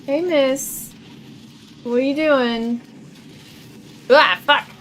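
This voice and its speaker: A woman's voice: sits high, very slow, a bit bright, a little hiss or hum. A woman streaming a video game live, chatting casually, laughing often and scolding her cat between moves. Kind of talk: casual live-stream chat while gaming.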